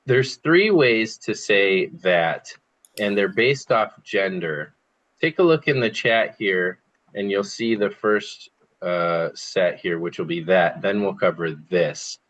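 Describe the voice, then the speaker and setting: Slow, low-voiced man teaching a class. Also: lively intonation, a bit bright, poor audio. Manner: patient, explanatory, repeats phrases for students to copy. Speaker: Spanish teacher. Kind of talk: online group language lesson.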